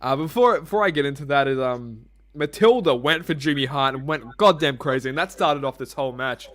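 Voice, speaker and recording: Co-hosting a laid-back podcast, a man chats aimlessly, cursing liberally and chuckling at his own expense. His medium-pitched voice is expressive and a bit bright, moving at a slightly quick pace.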